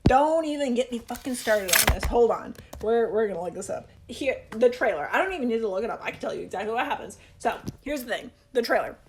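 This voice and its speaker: A young man hosting a casual movie review, excitedly rambling and swearing as he gushes. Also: extremely high pitch, quick pace, hardly any pauses, very noisy. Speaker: video essay host.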